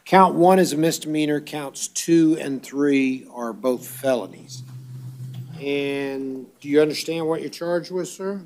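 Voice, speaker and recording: A judge reads out charges and bond conditions in a measured, formal manner. His voice sits somewhat high for a man. He pauses on fillers as he talks. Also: a little mellow. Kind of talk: courtroom bond hearing.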